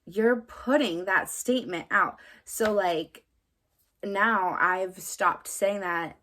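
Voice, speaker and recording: A woman's voice: medium pitch, takes it slowly, fairly bright tone. A young adult woman vlogging casually about spiritual ideas, rambling with lots of fillers and frequent tag questions.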